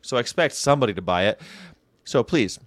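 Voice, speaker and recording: A man from Southern California hosting a casual vegan livestream, talking in an animated, rambling way that jumps between jokes and pleas. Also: medium pitch, brisk, no echo, studio quality. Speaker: vegan channel host.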